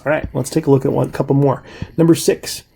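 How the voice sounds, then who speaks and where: A man walks through a chemistry lesson in a relaxed, chatty teaching voice with a gravelly edge. His tone is dark and mellow. A faint hiss sits under the recording. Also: medium pitch, a little fast. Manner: relaxed, conversational explaining with frequent "right?" and "all right". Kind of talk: recorded classroom lecture.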